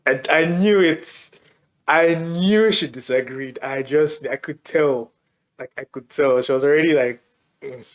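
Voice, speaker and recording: A man talks in an easy, unhurried way, commenting on a clip he is watching. He chuckles now and then, and his voice sits at an ordinary middle pitch. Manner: laid-back, chuckles between remarks. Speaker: reaction video host. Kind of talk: casual commentary.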